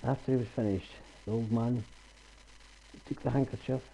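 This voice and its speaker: A man telling a traditional folk tale aloud in a homely, unhurried way. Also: medium pitch, fairly even intonation, gravelly, dark tone, a little hiss or hum, low-quality recording. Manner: homely, unhurried, repetitive "he says". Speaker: storyteller.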